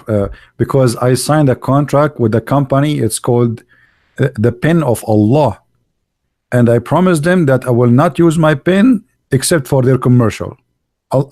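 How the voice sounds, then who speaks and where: A man's voice: medium pitch, darkish tone, dry recording. Sarcastic guy ranting alone, lots of uh's, dry close sound. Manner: mocking, sarcastic, halting with fillers. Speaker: online religious debater. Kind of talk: casual monologue.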